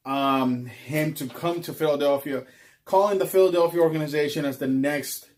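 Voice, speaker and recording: A man's voice: fairly high pitch, moderate pace, darkish tone. A man vlogging in a casual ranting monologue, rambling with frequent ums.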